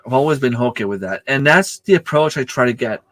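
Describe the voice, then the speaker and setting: A man's voice: lively intonation, brisk, a bit bright, no echo. Man chatting on a dry close mic. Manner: storytelling, acting out quoted exchanges with rising pitch; hesitant, many fillers and restarts. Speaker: youth soccer coach and channel host. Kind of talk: casual livestream chat.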